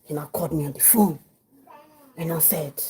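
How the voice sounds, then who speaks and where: Lively Nigerian woman telling a story. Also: sits low, normal speed, slightly rough, rough recording. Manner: lively, acts out quotes, mixes in pidgin. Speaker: livestream host. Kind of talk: chatty storytelling. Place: home kitchen.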